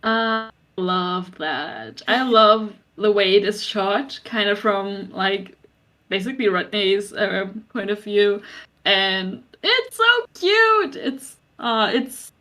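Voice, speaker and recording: A woman's voice: medium pitch, animated, slow pace, fairly bright tone. A woman co-hosting a fan podcast in casual chat, thoughtful and a little hesitant. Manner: thoughtful, hesitant, with frequent restarts. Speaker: podcast co-host.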